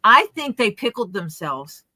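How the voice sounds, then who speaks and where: A podcast co-host in casual chat, telling stories in a relaxed, talkative way, heard through a speaker. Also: mid-range voice, measured pace, crowd noise. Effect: coming through a speaker.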